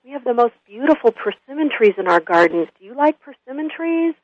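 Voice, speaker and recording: A woman's voice: sing-song, a little fast, no echo. A woman voicing a cheery little old man of about seventy-five, friendly and coaxing, on dull lo-fi radio audio. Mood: chatty. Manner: friendly, coaxing, high and sing-song.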